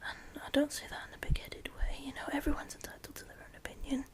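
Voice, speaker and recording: A woman, whispering a discussion vlog close to the microphone at home late at night, rambling with frequent restarts. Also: quick pace. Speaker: YouTuber.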